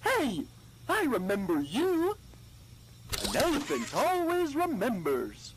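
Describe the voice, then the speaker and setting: Friendly cartoon elephant, slow and singsong, noisy track. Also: female voice, high voice, huge pitch swings, exaggerated voice. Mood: cheery. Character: smart friendly male toy elephant, ominous. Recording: noisy recording.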